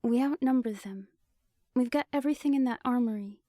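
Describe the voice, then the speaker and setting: A woman voicing a young woman leader who is affectionate, teasing and commanding, in a lifted, bright voice, for a dry, close-miked audiobook reading. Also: brisk, dry recording, lightly acted. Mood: warm, musing. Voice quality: higher, bright put-on voice.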